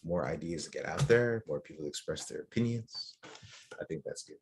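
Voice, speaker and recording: A man's voice: a bass voice, animated, a little fast, breathy edge. A man co-hosting a casual podcast roundtable, talking optimistically and hedging often. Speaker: podcast co-host.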